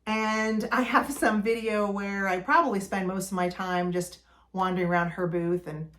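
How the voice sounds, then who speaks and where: A woman's voice: medium pitch, fairly even intonation, moderate pace, fairly bright tone. Chatty woman hosting a vintage haul. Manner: chatty, enthusiastic, with many fillers. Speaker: vlog host. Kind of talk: casual shopping haul talk.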